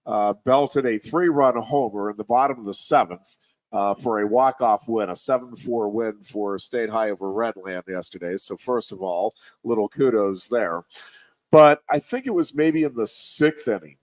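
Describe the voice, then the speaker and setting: A man's voice: fairly low pitch, normal speed, no echo. Rambling, reflective man on sports radio. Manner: rambling, reflective storyteller with many restarts. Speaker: radio show host and high school sports announcer. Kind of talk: casual radio sports chat.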